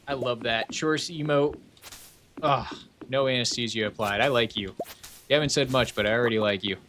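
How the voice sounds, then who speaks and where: A man's voice: mid-range voice, fairly quick, fairly bright tone, slight background noise. A man streaming a video game from home, chatting casually and rambling off on tangents while reading chat aloud.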